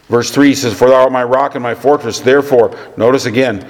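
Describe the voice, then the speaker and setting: Preacher in an echoing hall. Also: male voice, medium pitch, a little fast, hardly any pauses. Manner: storytelling, drops to a near whisper at times. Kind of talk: sermon. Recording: echoey hall with long reverb.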